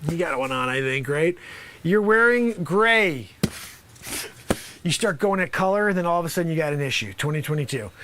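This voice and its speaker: Man doing an improv bit as a loud, bossy small-town basketball coach; high, bright voice, lots of asides. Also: lively intonation, normal speed, slight background noise. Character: brash male high school basketball coach. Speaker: improv comedian host. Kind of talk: improv comedy sketch.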